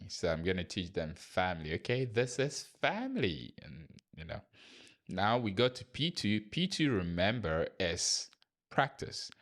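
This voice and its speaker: His voice sits low with a bit of brightness as he goes over a lesson plan for the kindergarten English teachers he trains. Chatting and thinking aloud with small restarts, he occasionally demonstrates his classroom prompts by switching to a raised, sing-song teacher voice.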